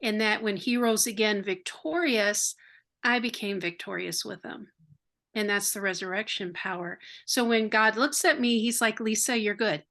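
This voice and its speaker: Bright-voiced older American woman, heartfelt. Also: medium pitch. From United States. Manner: earnest and heartfelt, quick bursts. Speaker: interview guest. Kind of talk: personal faith testimony.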